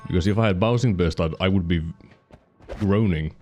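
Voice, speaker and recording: A man with a low, deep voice and a Finnish accent talks through a game as he streams. He rambles, corrects himself mid-thought and explains the mechanics in casual detail, with soft music faint in the background. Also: normal speed. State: hiccuping. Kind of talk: casual gameplay commentary.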